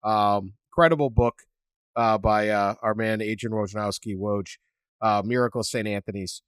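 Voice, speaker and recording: A man hosting a sports podcast, telling stories in a lively, chatty way and laughing often. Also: fairly low pitch, moderate pace, smooth, no echo. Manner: animated storyteller, laughs often, acts out quotes. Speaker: podcast host. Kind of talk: casual sports chat.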